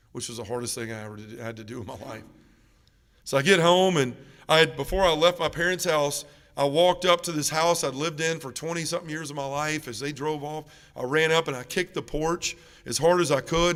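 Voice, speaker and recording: A man's voice: a little high, brisk. A man giving an emotional personal testimony at a parish mission, telling his story with feeling. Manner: emotional storytelling, rising loud when reliving arguments. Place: church. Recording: echoey church with long reverb.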